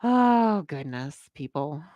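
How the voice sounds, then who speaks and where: A woman's voice: deep voice, very animated, takes it slowly, mellow, dry recording, muffled recording. A woman comic artist chatting casually while she draws on a livestream, rambling through a story with lots of filler words and frequent laughter. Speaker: comic artist streaming her work.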